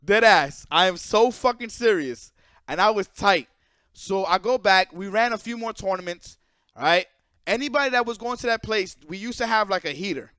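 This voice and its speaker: High, bright-voiced man telling a story. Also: normal speed, clear, resonant tone, dry recording, studio quality. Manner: profane, animated storyteller. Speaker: channel host. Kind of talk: casual storytelling.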